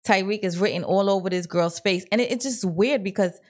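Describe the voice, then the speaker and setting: A woman's voice: medium pitch, fairly quick. Blunt, slangy woman recapping a TV episode. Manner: animated, slangy, acts out characters' lines; opinionated and blunt. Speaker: TV recap vlogger.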